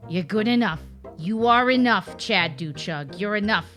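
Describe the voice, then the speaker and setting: A woman putting on a tiny, insecure librarian man in a tabletop game, fussy and quick to put himself down. The voice is bright and forward, with faint music behind it. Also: on the high side, sing-song, heavily acted. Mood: self-soothing. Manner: self-deprecating, fussy, with snippy asides.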